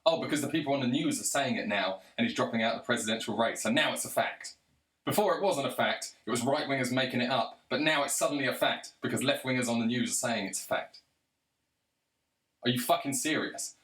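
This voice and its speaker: A man rants straight to the camera, angry and sarcastic, swearing freely as he goes. His voice sits at an ordinary male pitch, and the room around him lends a noticeable echo. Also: brisk, a bit bright. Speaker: video commentator. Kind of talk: ranting monologue. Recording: roomy echo.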